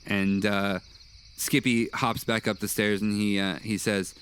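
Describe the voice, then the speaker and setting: Low-voiced man running a tabletop game. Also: flat delivery, moderate pace, slight background noise. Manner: hesitant, many uh fillers. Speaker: game master.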